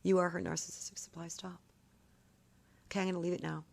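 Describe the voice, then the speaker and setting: A woman's voice: on the low side, little pitch movement, quick pace, gravelly, a little mellow. Emphatic woman ranting to camera. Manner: emphatic, repetitive, accusatory storytelling. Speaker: vlogger. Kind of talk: casual vlog rant.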